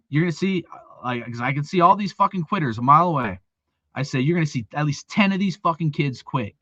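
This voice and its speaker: A man's voice: a little high, sharp tone, no room sound, lo-fi sound. A middle-aged man ranting in a heated, profane monologue about youth football, peppering it with "dude" and "bro.". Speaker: youth football volunteer coach, show host.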